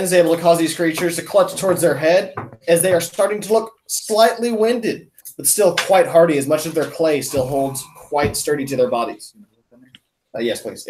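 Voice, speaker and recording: A man's voice: on the high side, a little mellow, roomy sound, slight background noise. A man acting as dungeon master, narrating combat and running the turns of a tabletop game. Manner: runs the table, counts out moves, narrates combat.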